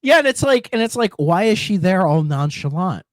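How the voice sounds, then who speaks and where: A man's voice: high-pitched, normal speed. A man co-hosting a podcast in a casual chat, telling stories with lots of laughter. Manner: laughs often, animated storytelling. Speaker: podcast co-host.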